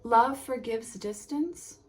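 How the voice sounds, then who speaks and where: Gentle woman gushing over tarot cards. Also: fairly high pitch, slow. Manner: gentle and admiring, with soft gushing exclamations. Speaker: tarot reader and channel host. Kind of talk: casual unboxing commentary, reading card titles aloud.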